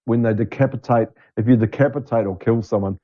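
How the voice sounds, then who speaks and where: A man's voice: medium pitch, brisk, dull audio. A New man in casual, opinionated chat, rambling with many fillers and restarts.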